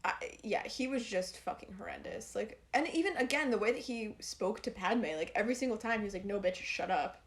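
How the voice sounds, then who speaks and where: A woman co-hosting a podcast in casual chat, rambling and animated with lots of fillers, recorded over the phone. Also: a little high, brisk, hardly any pauses. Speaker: podcast co-host. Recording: phone call audio.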